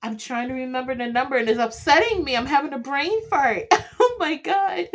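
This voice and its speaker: A woman's voice: high voice, expressive, brisk. A woman co-hosting a podcast in casual chat, hesitant and self-deprecating as she searches for words. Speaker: podcast co-host.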